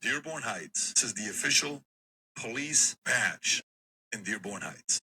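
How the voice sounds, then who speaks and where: A man's voice: lowish voice, lively intonation, measured pace, pushed and bright, slightly rough, poor audio. A man hosting a podcast, reading a news item aloud with fillers and small stumbles. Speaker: podcast host.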